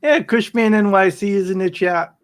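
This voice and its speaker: A man's voice: sits high, steady tone, moderate pace. A man hosting a casual livestream chat, easygoing as he reads out viewers' names. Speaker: host.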